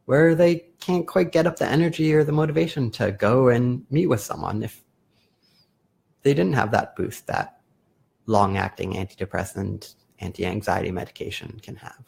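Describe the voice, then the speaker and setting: A man hosting a live video as a therapist, explaining calmly in a casual, self-correcting way. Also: medium pitch, moderate pace, creaky, breathy edge. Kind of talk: casual live-stream talk.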